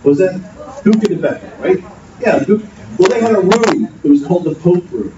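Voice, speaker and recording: A man's voice: high-pitched, expressive, normal speed. A man preaching a sermon, earnest and storytelling, often repeating himself. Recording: distant, dull, noisy echoey hall.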